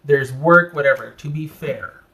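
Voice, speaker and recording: A man's voice: a little high, measured pace. Chatty man giving a tarot reading. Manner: chatty, self-interrupting, animated asides. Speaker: tarot reader. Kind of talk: casual tarot reading monologue.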